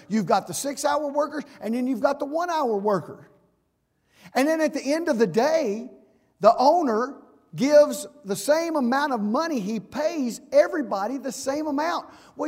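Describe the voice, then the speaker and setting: A man preaching a sermon as pastor, emphatic, swinging from loud passages to hushed ones. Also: extremely high pitch. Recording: hall reverb.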